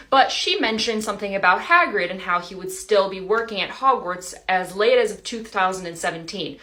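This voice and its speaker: A woman's voice: medium pitch, sharp tone. A young adult woman delivering a casual comedic monologue to camera, chatty and playful, with lots of "like" and "you know". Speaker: TikTok creator.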